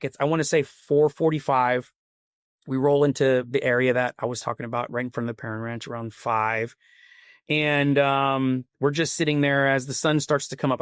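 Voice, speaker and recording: A man's voice: medium pitch, clean tone, dry recording. Male podcast guest, casual rambling storyteller, mid-range voice, dry studio sound. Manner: rambling, earnest, full of "like" and "you know". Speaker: podcast guest, company CEO.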